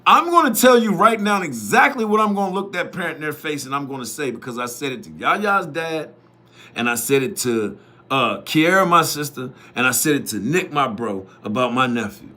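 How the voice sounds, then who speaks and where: A man's voice: fairly high pitch, animated, normal speed, bright, forceful tone. A man who hosts youth football media, giving a blunt, profane, repetitive opinion monologue straight to his viewers.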